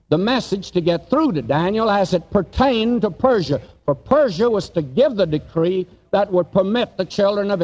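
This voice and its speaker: A man's voice: on the high side, a little mellow. A man preaching a sermon, reading scripture aloud in an old-fashioned cadence and asking the listeners questions. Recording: dull lo-fi recording in a reverberant hall.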